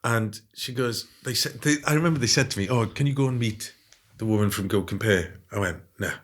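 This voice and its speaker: A man telling stories in a casual interview, animated and often adding "right?". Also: fairly low pitch, brisk. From Wales. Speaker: guest.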